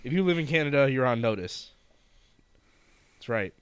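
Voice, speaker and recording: A man's voice: medium pitch, expressive, moderate pace, a bit bright, clean tone, no room sound. A man co-hosting a casual chat, joking bluntly and swearing freely. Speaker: podcast co-host.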